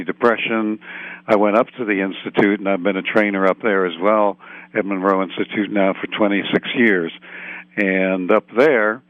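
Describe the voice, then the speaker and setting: Man, psychologist guest, low voice, lo-fi remote sound, calm explaining. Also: no echo. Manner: calm explanatory, uses analogies. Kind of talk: interview answers.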